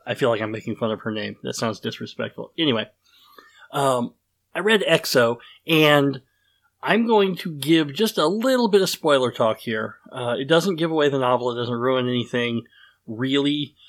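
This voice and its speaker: A man's voice: mid-range voice, fairly bright tone. Nerdy guy hosting a podcast, rambles a lot, keeps restarting his sentences. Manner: rambling, self-deprecating, lots of fillers and restarts. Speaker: podcast host. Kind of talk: casual podcast chat.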